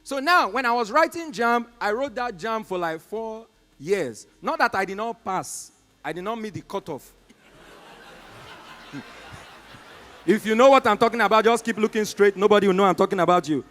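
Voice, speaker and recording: A Nigerian man with a Nigerian accent doing live stand-up comedy on stage. He tells his stories in an animated way and keeps talking directly to the crowd. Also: sits high, moderate pace, pauses often, in a large hall.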